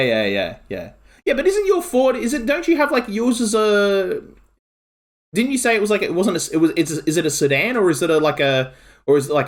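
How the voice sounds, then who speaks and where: An Australian man streaming a game and chatting casually, rambling excitably with lots of filler words. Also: medium pitch. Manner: rambling, excitable, heavy use of "like". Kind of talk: casual chat while streaming.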